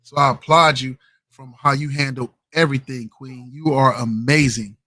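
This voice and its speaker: A man's voice: mid-range voice, fairly even intonation, moderate pace, sharp tone, dry recording. A man hosting a casual late-night podcast, laid-back and slangy. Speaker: podcast host. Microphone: home streaming mic, adjusting gain.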